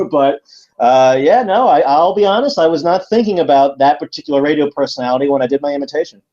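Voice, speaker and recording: A man's voice: fairly high pitch, animated, a little fast, a little mellow. Man, podcast co-host, casual rambling chat, many fillers, slightly muffled recording.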